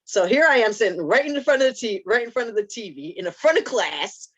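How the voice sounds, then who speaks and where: A woman guest on a podcast, chatting casually and telling animated stories with frequent restarts. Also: mid-range voice, brisk, highs cut off, a little hiss or hum. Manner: animated storytelling with repeated restarts. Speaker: podcast guest, spoken word writer.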